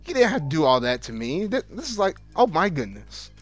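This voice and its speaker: Animated, exasperated gamer man. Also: on the high side, fairly quick, faint music behind. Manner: exasperated, swings between grumbling and loud outbursts; casual slang, repeats himself. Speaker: gaming video host. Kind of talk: let's play commentary.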